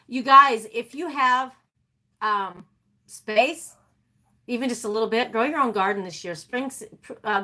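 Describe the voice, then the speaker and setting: A woman's voice: fairly high pitch, bright, forceful tone. A woman chatting casually and animatedly with her livestream viewers, laughing often. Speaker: livestream host.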